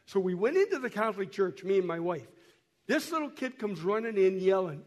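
Man, missionary, high voice, folksy storytelling to a church, repeats words, hoarse from a cold, echoey church hall. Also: expressive, brisk. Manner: folksy, repeats and restarts words, speaks directly to the congregation. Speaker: missionary guest speaker. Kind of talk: storytelling talk to a church while showing photos.

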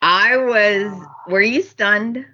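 A woman's voice: medium pitch, drawn-out words, pushed and bright, dull audio, a little hiss or hum. A woman co-hosting a podcast, retelling soap opera scenes in emphatic casual chat. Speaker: podcast co-host.

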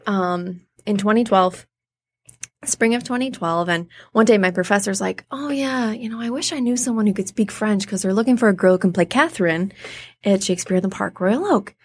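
An animated woman in her thirties talks as an interview guest. Her pitch is middling. She tells stories and acts out the people she quotes. The sound is dry and close to the mic. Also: a little fast, husky, dry recording. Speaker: guest, theater artist. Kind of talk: casual interview storytelling.

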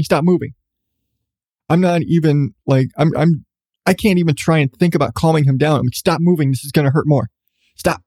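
A man in his thirties hosts a podcast and tells a story at an easy conversational pace, swearing freely and getting animated. His voice is mellow and low-key in tone. The recording is close and dry, with no room sound. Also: vocal fry, no echo. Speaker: podcast host. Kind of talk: casual storytelling.

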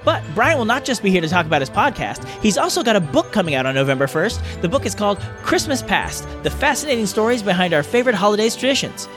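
A man's voice: high voice, very animated, fast talker, few pauses, music in the background. A man hosting a podcast, reading listener letters aloud in a playful, jokey way. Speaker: podcast host. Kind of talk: casual podcast chat reading listener mail.

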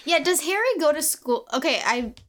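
A woman in casual chat, curious and thinking aloud with quick questions. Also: sits high, lively intonation, fairly bright tone.

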